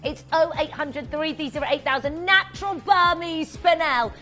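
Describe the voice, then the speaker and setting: A woman co-presenting a live shopping broadcast, enthusing about prices in an excited sales pitch. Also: moderate pace, soft background music. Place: TV studio.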